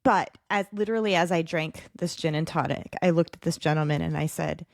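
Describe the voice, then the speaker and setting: A woman's voice: deep voice, a little fast, dry recording. A woman co-hosting a casual podcast, teasing her partner and chatting in a playful way. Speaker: podcast co-host. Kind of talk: casual chat.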